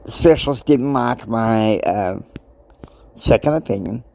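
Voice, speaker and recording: Slow, gravelly man telling his story. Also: medium pitch, dark tone, dry recording. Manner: emotional, acts out quoted voices. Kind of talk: personal storytelling.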